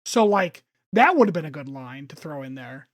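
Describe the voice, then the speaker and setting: Lively, opinionated woman on a dry mic. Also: low-pitched, no echo. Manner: animated, opinionated, swears freely, acts out quick quotes. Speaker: podcast co-host and commentator. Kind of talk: casual chat.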